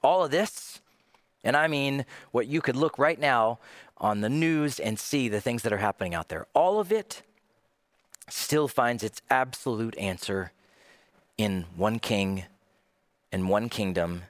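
A man's voice: medium pitch, expressive, a little slow, no echo. A male pastor preaching a sermon, dramatic, acting out the voices he quotes.

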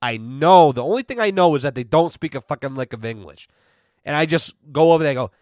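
A young adult man hosting a podcast, telling profane stories in a brash, animated way and acting out the exchanges he quotes. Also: a little high, fast, no echo, studio quality. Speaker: podcast host. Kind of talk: profane storytelling chat.

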